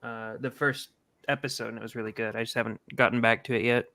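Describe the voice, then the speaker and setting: A man in casual chat, relaxed and quiet, heard from a little away from the mic. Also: medium pitch, quick pace, no echo.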